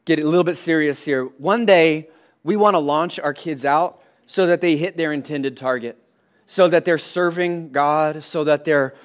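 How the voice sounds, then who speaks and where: Man, pastor, church sermon, lively and joking, high voice. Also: moderate pace. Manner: animated and comic, acting out scenes with his kids.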